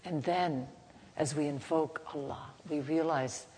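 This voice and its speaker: Low-voiced woman giving a gentle devotional talk. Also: steady tone. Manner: gentle, unhurried, halting, softly chanting. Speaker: spiritual teacher. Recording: reverberant hall, faint background noise.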